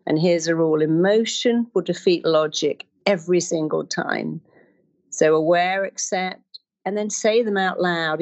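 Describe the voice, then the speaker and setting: A middle-aged woman giving an emphatic motivational talk, acting out inner voices as she explains. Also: dull audio. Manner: emphatic, acts out inner voices with wide pitch swings.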